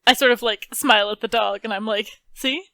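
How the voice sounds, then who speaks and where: A woman's voice: fairly high pitch, steady tone, quick pace, gravelly, pushed and bright, no echo. A woman playing a character in a tabletop game, wry, with small laughs. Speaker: player.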